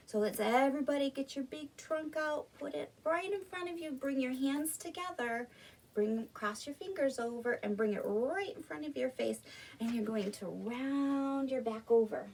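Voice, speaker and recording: A woman leading an interactive children's storytime, reading aloud and coaching kids through yoga poses in an animated way. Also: sits high, moderate pace, recorded from a distance, a little hiss or hum.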